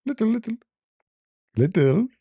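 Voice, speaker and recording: A man voicing a friendly, insistent male dinner host in a high, squeaky voice that repeats itself. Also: big pitch swings, a little slow, warm tone, husky, no echo, exaggerated voice.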